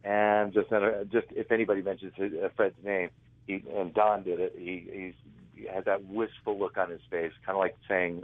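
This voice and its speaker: A fairly low-pitched man, speaking a little fast, tells rambling stories in an author interview, frequently stopping to correct himself partway through sentences. It's casual storytelling heard over a dry, tinny phone line with no echo.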